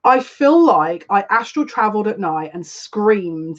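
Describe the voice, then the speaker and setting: A woman chats her way through a live psychic card reading, rambling from thought to thought and wearing her feelings openly. Her voice sits at a middling pitch for a woman. The stream audio is a little dull and lo-fi. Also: lively intonation, measured pace, few pauses. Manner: chatty, rambling, openly emotional. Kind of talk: live collective tarot reading.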